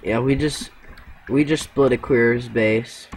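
A young man talking in gaming voice chat, excitable and crude, shouting to his teammates. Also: mid-range voice, measured pace, husky. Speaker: gamer.

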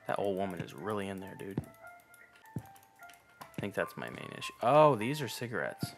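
A young man with a fairly low voice rambles through let's play commentary, swearing freely and sarcastic about everything he sees. Faint game music plays behind his voice. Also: big pitch swings, moderate pace, creaky. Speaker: gamer.

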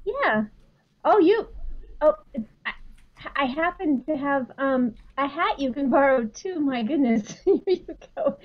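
A woman gushes and flatters through an improv scene, tripping over her own restarts. Her voice sits very high, and the muffled video-call audio dulls it. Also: measured pace. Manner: gushing, flattering, hesitant restarts. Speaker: improv performer.

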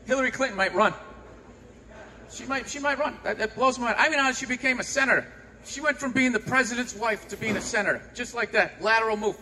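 A man performing a stand-up comedy set, ranting sarcastically and breaking into shouts. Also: very high-pitched, fast talker. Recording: long hall reverb, audible noise.

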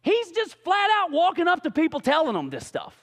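A man preaching a sermon as pastor, animated and casual, full of rhetorical questions. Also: extremely high pitch, a little fast, big-room sound. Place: church sanctuary.

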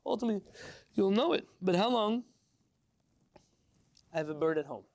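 A man teaching an informal religious class as a rabbi, lively and rhetorical, putting questions to his listeners. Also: high voice, normal speed. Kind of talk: informal Torah lesson to a live class.

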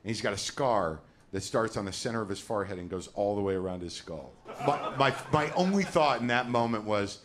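A man's voice: fairly low pitch, lively intonation, fairly quick, hardly any pauses, crowd noise. Male comedian, stand-up routine, ranting, swearing, self-mocking. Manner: ranting, profane, self-deprecating.

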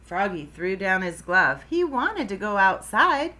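A woman's voice: medium pitch, big pitch swings, a little slow, pushed and bright. A woman teacher reading a children's storybook aloud expressively, with playful sound effects.

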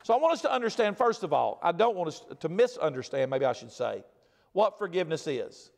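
Animated preacher in a reverberant church. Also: male voice, fairly high pitch, fairly quick, creaky. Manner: animated preaching, swings from loud emphatic repetition to quiet asides. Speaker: pastor. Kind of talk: sermon.

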